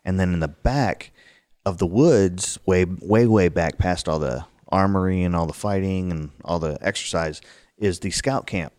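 A man casually telling a scary childhood campfire story, acting it out with sudden high outbursts. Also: moderate pace, no room sound. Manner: animated, acts out the scares with sudden high outbursts. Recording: dry close sound.

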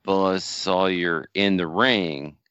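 A man's voice: sits low, steady tone, slow, fairly bright tone, clean tone, no room sound, lo-fi sound. A man co-hosting a casual podcast, wry and joking with strong opinions. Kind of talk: casual chat.

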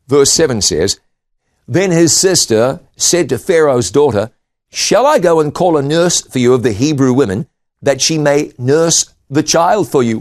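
A man preaching a sermon, reading scripture aloud and retelling it with lively rises and drops in pitch and volume. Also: unhurried. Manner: expressive Bible reading with shifting pitch and volume.

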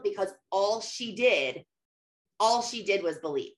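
A woman's voice: medium pitch, animated, moderate pace. A mother talking casually about faith and scripture, retelling a Bible story in an easygoing way, with frequent "like" fillers. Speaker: mother sharing faith reflections. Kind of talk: casual devotional talk on scripture.

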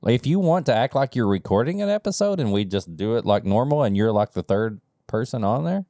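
A man's voice: mid-range voice, animated, brisk, mellow, no echo, clean studio sound. A man co-hosting a casual podcast, bantering playfully with jokes. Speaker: podcast co-host. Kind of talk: casual chat.

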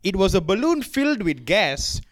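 Animated man telling a story. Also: sits high, moderate pace. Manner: animated storytelling, acts out scenes, stumbling restarts. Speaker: podcast co-host. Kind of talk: casual podcast banter.

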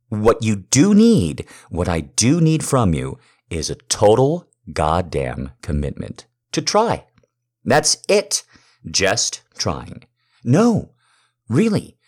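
A man speaking to a partner in an intimate role-play monologue, earnest and pleading, swinging from hushed to loud. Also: fairly low pitch. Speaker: partner persuading someone to have a baby.

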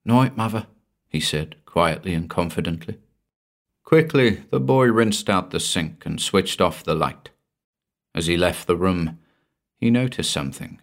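Low-voiced male narrator for a weird tale, measured, sinks soft at dark moments. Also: animated. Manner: measured, dropping low and soft at ominous lines. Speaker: story narrator. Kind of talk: scripted narration of a spooky tale.

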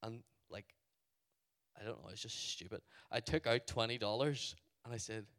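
A man with a Northern Irish accent, telling a story to a youth audience in an animated way, full of "like" fillers. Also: on the low side, moderate pace. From Northern Ireland. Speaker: youth event speaker.

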